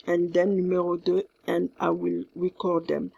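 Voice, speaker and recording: A woman with a French accent records instructions for her class. She talks slowly and carefully, repeating her points, with a slightly husky voice. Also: fairly low pitch, flat delivery, a little mellow, muffled recording. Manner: slow, careful, repeats herself, mixes in French words. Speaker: French teacher.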